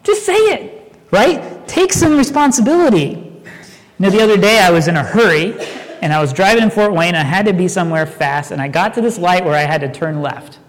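A man preaching a sermon, talking conversationally and telling stories with animated asides. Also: on the high side, fast talker, long reverb tail. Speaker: pastor.

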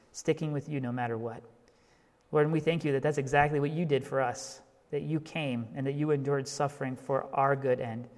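A man's voice: medium pitch, a little mellow. Man preaching a sermon in a reverberant hall. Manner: storytelling, building to impassioned emphasis. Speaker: pastor.

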